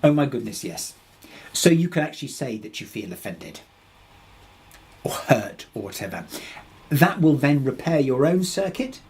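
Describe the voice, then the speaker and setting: A man's voice: medium pitch, big pitch swings, normal speed, long pauses, darkish tone, a little hiss or hum. A man presenting a webinar, answering audience questions in a hesitant way, with many restarts. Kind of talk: live webinar Q&A.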